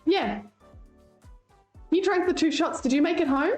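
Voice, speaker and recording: Young Australian woman streamer, casual and lively, pitch swinging widely, light music underneath. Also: a little slow. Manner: chatty, swears freely, laughs often. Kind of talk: casual chat with live chat.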